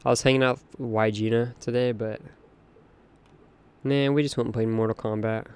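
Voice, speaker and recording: Smooth and a little mellow, this young man's medium-pitched voice shows little pitch movement as he hosts a late-night game stream at a moderate pace. He's talkative and opinionated, reading chat aloud with faint music behind.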